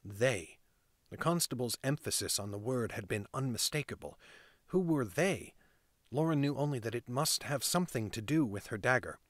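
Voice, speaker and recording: A man reads a fantasy novel aloud at a steady pace, his voice at an ordinary male pitch. The sound is dry and close, with no room echo at all. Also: moderate pace. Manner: steady reading with casual off-script asides. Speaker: narrator reading a novel aloud. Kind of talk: fantasy audiobook narration.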